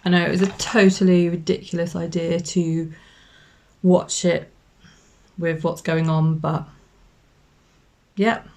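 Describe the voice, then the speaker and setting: A woman's voice: fairly low pitch, little pitch movement, takes it slowly, pauses often, darkish tone. A woman co-hosting a casual film review from home, talking frankly and chattily.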